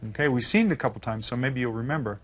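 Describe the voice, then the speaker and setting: A man teaching a recorded lesson to students, spelling words out slowly and patiently, with encouraging questions. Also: medium pitch. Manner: patient, slow enunciation of words. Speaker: Spanish teacher.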